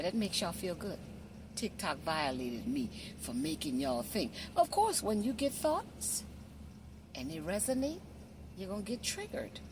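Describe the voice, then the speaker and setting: A social media commentator, a woman, delivers an impassioned monologue in a preachy tone, her pitch swinging in a lively way as she keeps asking "you see?" She speaks emphatically, shifting between loud and hushed, with noise in the background.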